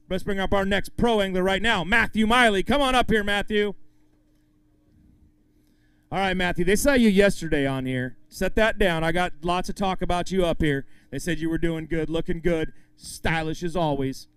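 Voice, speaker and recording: A man's voice: fairly high pitch, clean tone, no echo. A man emceeing a live fishing tournament weigh-in outdoors, hyping up the crowd and the anglers as he calls out weights. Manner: upbeat, hypes up the crowd and anglers.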